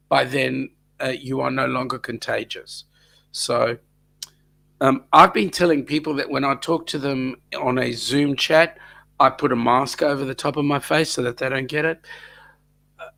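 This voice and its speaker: An Australian man hosting a casual livestream chat, croaky from a lingering cough, cracking jokes and reading out viewer comments. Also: medium pitch, bright, forceful tone. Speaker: livestream host.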